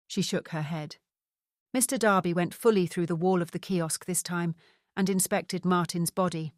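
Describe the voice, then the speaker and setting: A woman with a low voice narrates a scripted first-person audiobook in steady, measured storytelling. The recording is dry and studio quality.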